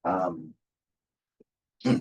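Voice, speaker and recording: A man's voice: very slow, darkish tone, recorded from a distance. A male instructor giving a casual recorded class lecture, rambling with many fillers and restarts.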